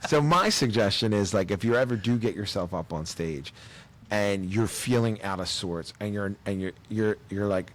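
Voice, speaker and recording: A man's voice: lowish voice, moderate pace. A man talks casually as a comedian guest on a podcast. He tells stories with energy and jumps into voices for the people in them. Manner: animated storyteller, acts out voices.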